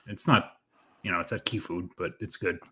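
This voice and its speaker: A man's voice: low voice, steady tone, normal speed, sharp tone, breathy edge. A man, a podcast co-host chatting casually and dropping dry, sardonic quips. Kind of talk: casual chat.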